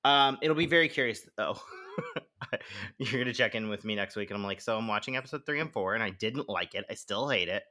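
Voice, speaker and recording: Man, podcast co-host, bright tone, casual and animated chat. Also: on the low side, brisk. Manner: animated, laughs often, quotes himself in funny voices.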